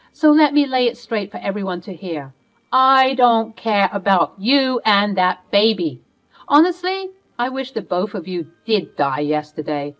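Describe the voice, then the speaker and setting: A woman's voice: mid-range voice, close to an everyday voice, rough recording. A woman voicing a snobbish, cruel rich older woman who speaks in a haughty, threatening way.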